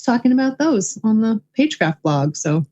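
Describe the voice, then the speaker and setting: A woman's voice: on the high side, big pitch swings, moderate pace, warm tone, dull audio. A woman guest and filmmaker in a casual interview, talking enthusiastically with many fillers. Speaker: guest, filmmaker and writing coach.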